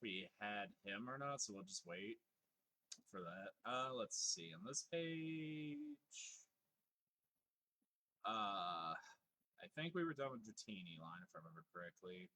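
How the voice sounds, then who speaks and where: A man's voice: fairly low pitch, expressive, a little slow, long pauses, sharp tone. A man casually commenting on his gameplay and reading chat aloud, swearing freely, laughing often and joking in mock exasperation. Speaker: live streamer.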